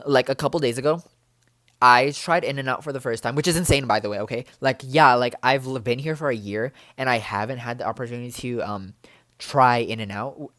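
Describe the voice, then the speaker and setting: A young man chatting in a bubbly, rambling way for his vlog, full of fillers and excited exclamations. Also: medium pitch, fairly quick, no room sound, clean studio sound. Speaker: vlogger.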